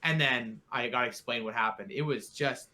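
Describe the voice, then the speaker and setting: A man's voice: mid-range voice, normal speed, bright, forceful tone. A young man, a podcast co-host, telling a story in casual chat, acting out quotes and swearing freely.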